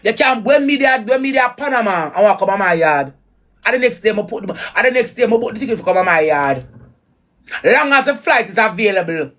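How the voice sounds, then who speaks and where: A woman's voice: medium pitch, expressive, a little fast, a bit bright. A woman with a Jamaican accent giving blunt, repetitive commentary in patois on a reaction vlog.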